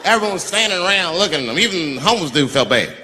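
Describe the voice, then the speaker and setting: A male stand-up comedian tells a profane, acted-out story in a high voice that leaps all over its range. The stage sound carries a long hall reverb. Crowd laughter and noise sit under him. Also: very animated, racing. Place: comedy stage before a live audience. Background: audience laughter.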